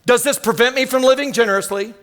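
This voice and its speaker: A man, preaching an energetic sermon full of storytelling in a church. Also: extremely high pitch, quick pace. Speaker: guest preacher. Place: church sanctuary.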